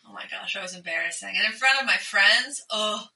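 A woman co-hosting a podcast in casual chat, laughing often and talking in an animated way. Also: mid-range voice, fairly quick, creaky, reverberant, recorded from a distance, low-quality recording. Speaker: podcast co-host.

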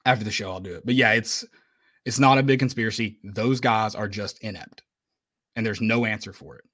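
Male podcast co-host, lower register, emphatic and exasperated. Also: fairly quick, a bit bright. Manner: frustrated venting, blunt and emphatic. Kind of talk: casual sports podcast chat.

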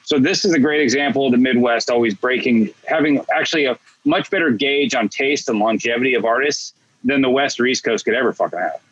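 A man's voice: medium pitch, a little fast, a bit bright. A man hosting an interview, asking questions in a casual, conversational way. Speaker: podcast host. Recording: dull dry lo-fi sound.

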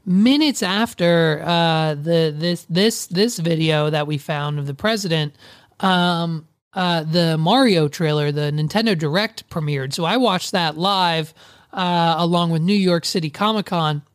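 A woman's voice: fairly low pitch, measured pace, no room sound, studio quality. A woman hosting a casual podcast, rambling loosely, with lots of fillers, restarts and swearing. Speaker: podcast host. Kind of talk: casual chat.

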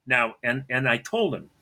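A man tells a personal story in an earnest, steady way. His voice sits at a middle pitch with a bright, forceful edge. He clears his throat often between phrases. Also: takes it slowly. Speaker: son telling a personal story.

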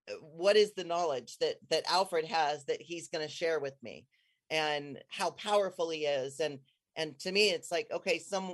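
A speaker in casual conversation telling a personal story with excitement, rambling through restarts and jumping into high, squealing tones whenever quoting themselves. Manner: rambling, many restarts and trailing phrases.

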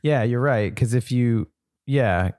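A man co-hosting a podcast in casual chat, eager and quick to agree. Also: mid-range voice, darkish tone, no echo, clean studio sound. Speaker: podcast co-host.

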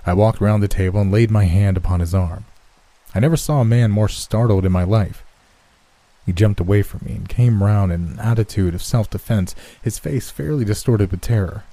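A man reading a horror story as scripted first-person narration in a measured, steady way. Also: lowish voice, dry recording.

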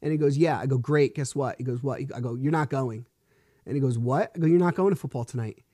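A man talks through a solo podcast monologue, frustrated and swearing freely as he tells his story. His voice is mellow and relaxed in tone and sits at an ordinary pitch. The sound is dry and close, recorded while he lies in bed. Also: fast talker, no echo. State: sore back. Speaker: podcast host. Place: lying in bed at home.

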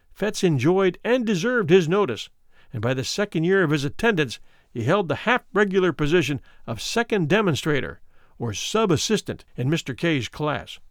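A man narrating a classic story as an audiobook, with deliberate and expressive storytelling. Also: fairly high pitch, dry recording, clean studio sound.

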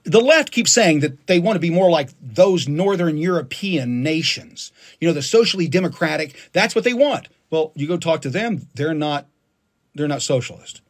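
Male streamer, passionate ranter, animated delivery, husky edge. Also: on the high side, moderate pace. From United States. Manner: emphatic, passionate ranting with many restarts. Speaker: political livestream host. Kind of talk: ranting monologue on a live stream.

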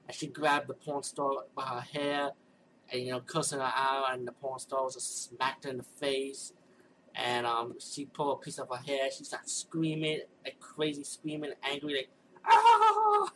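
A man's voice: medium pitch, a little hiss or hum, rough recording. A man giving a loose, rambling spoken review of a horror movie, talking casually with lots of restarts.

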